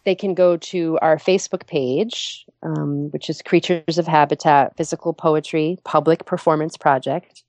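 A woman's voice: low voice, steady tone, normal speed, hardly any pauses, a little mellow, dry recording. A woman speaking as an interview guest in a matter-of-fact way. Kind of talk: casual interview chat.

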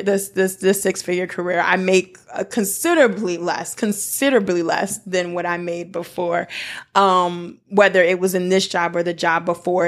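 A woman guest in an interview, talking in an excited, rambling way with many fillers and restarts, from South Africa. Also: mid-range voice. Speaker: guest, nonprofit founder. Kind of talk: casual interview talk.

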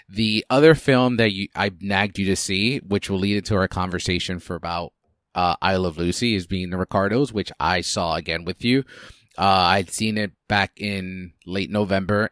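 A man with a very low, deep voice talks through film picks in an easygoing, meandering way. He often stops and restarts his sentences. The sound is dry and close, with no room echo. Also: fairly bright tone. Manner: chatty, hesitant with many restarts and fillers. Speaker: podcast co-host. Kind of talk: casual film discussion.

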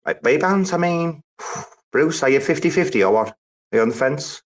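A man's voice: on the high side, expressive, normal speed, poor audio. A man hosting a casual online audio chat, bantering, swearing and laughing often. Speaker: host.

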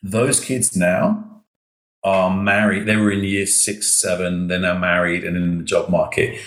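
A man, an education consultant telling stories in a podcast interview, animated and acting out the dialogue. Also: sits low, a little slow, roomy sound, rough recording. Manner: animated, emotional storytelling, acts out quoted dialogue.

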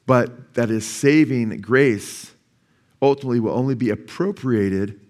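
A man's voice: medium pitch, measured pace, a little mellow. A man of sixty, a pastor, preaching a sermon at a church service. He keeps asking the congregation questions, waits for them to answer, and repeats key phrases for emphasis. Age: 60s.

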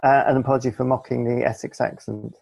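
A man's voice: medium pitch, flat delivery, fast, creaky, darkish tone, breathy edge, no echo. A man co-hosting a podcast from home over a video call, with casual banter in a dry, self-mocking, mock-pompous manner. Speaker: podcast co-host.

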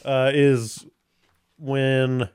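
A man's voice: mid-range voice, little pitch movement, drawn-out words, a little mellow, clean tone, no room sound, studio quality. A man hosting a podcast, chatting casually, rambling, swearing and restarting often. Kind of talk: casual chat.

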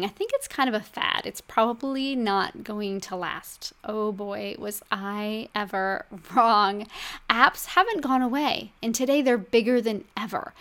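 A woman's voice: on the high side, fairly bright tone. Upbeat chatty woman podcast host. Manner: chatty and upbeat, addresses listener directly. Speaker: podcast host and health coach. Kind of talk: scripted podcast monologue.

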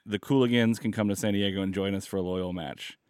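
A man co-hosting a casual podcast chat, telling stories in a relaxed, laid-back way. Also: lowish voice, brisk, clear, resonant tone, no echo, clean studio sound.

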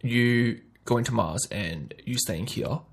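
A man with a gravelly, husky voice hosts a casual podcast chat. He acts out little scenes playfully, jumping between hushed asides and loud bursts. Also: medium pitch, slow. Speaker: podcast host.

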